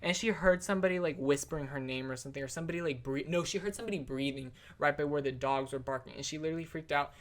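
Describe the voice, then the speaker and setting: A woman's voice: deep voice, racing, few pauses. A young adult woman telling stories for her vlog in a chatty, slangy way, full of "like" and "literally". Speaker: vlogger. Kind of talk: casual storytelling vlog.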